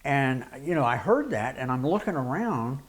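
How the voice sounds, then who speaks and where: Speaking at a moderate pace in a medium-pitched voice, a middle-aged preacher and ex-wrestler recounts a story as an interview guest. He performs the quoted lines with animation and laughter.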